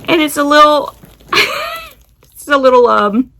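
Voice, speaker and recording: A woman's voice: high-pitched, gravelly, fairly bright tone, slight background noise. A woman chatting casually while unboxing, giggling often and talking to her cat. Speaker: unboxing vlogger.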